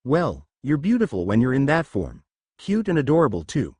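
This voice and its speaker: A man voicing a flustered young male ninja hero, gentle and reassuring, in a fan fiction audiobook. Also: medium pitch, wildly swooping pitch, moderate pace, slightly rough, no room sound.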